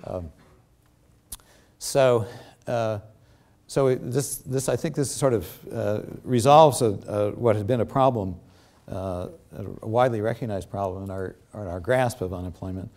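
An older man giving an academic lecture with slides, halting often and filling pauses with many ums and restarts. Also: on the low side, darkish tone. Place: lecture theatre.

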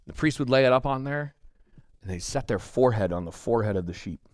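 A middle-aged male pastor giving a verse-by-verse sermon in a chatty, animated way, often checking in with "right?". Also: mid-range voice, no echo, clean studio sound. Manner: conversational, animated preaching with frequent "right?" asides. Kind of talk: expository sermon. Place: church sanctuary.

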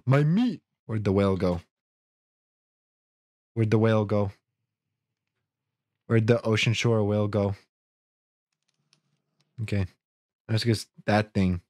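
A young man narrating his own video game run in a playful, easily spooked way, gasping at surprises and joking to himself. His voice leaps up and down, while the pace stays slow and drawn out. The sound is dry and close, with no room echo. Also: fairly low pitch, darkish tone. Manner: goofy, easily startled, jokey self-talk with gasps. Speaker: gaming YouTuber. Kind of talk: Minecraft let's play commentary.

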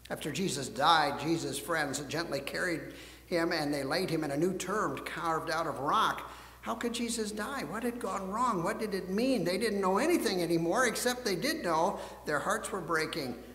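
A male pastor reads scripture as a story and then preaches, with a high, expressive voice. He drops to a hush and builds to emphasis, and the sanctuary answers with a long, roomy echo. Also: moderate pace. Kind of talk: storybook reading and sermon. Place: church sanctuary. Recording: echoey church hall.

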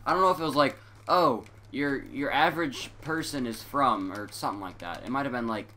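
A teenage boy rambling through casual gaming commentary, scattered and self-interrupting, excitable, on a headset mic. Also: mid-range voice, brisk, slight background noise. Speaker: gaming YouTuber.

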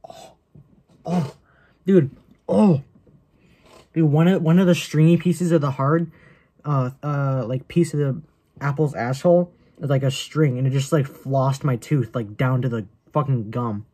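A man's voice: mid-range voice, fairly even intonation, normal speed, warm tone. A young man rambling in a casual vlog, crude and joking, swearing often. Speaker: vlogger.

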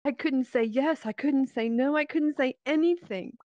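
A woman giving a personal faith testimony in an earnest, halting way, with many pauses and fillers, speaking into a VR headset microphone. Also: high-pitched, no room sound. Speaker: church member giving a testimony. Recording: dull, dry lo-fi headset audio.

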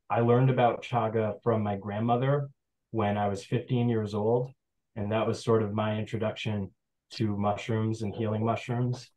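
A man's voice: on the low side, darkish tone, low-quality recording. A young man from the Adirondacks, a forager giving a casual online presentation in a chatty, rambling storytelling way over a video call. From Adirondacks, New York.

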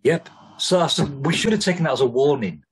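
A man's voice: on the high side, a little fast, husky, poor audio. A man co-hosting a podcast, rambling and joking with lots of swearing and ums. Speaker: podcast co-host. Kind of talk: casual chat.

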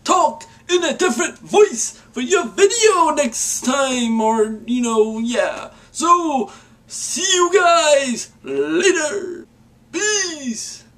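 Very slow and expressive, this high, fairly bright voice belongs to a vlogger in a casual video blog. They attempt a mock vampire voice that keeps sliding into an old man's, poking fun at themselves.

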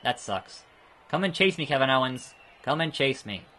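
A young man giving let's-play commentary on a game, excitable and cursing freely, with sudden outbursts at the screen. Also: mid-range voice, moderate pace. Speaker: gaming channel host.

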